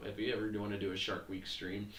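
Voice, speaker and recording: A young man chats on a casual livestream podcast, excitable and quick to laugh. He sits well back from the mic in an echoey room, with a faint hiss underneath. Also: lowish voice, distant mic. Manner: excitable, laughs a lot, says dude and bro. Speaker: podcast co-host.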